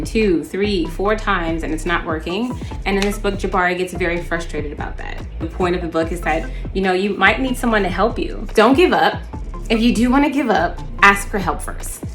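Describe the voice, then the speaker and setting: A woman's voice: fairly low pitch, a bit bright. Chatty woman host, casual book talk, light music bed under her. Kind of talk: casual book review chat.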